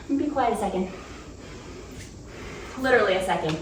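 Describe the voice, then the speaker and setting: Woman instructor leading a home workout, high voice, winded, chatty and upbeat; roomy, off-mic home recording. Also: sing-song, quick pace, recorded from a distance, slight background noise. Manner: upbeat, chatty, laughs between cues. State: out of breath. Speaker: fitness instructor. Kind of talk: cueing a home cardio workout. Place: room at home.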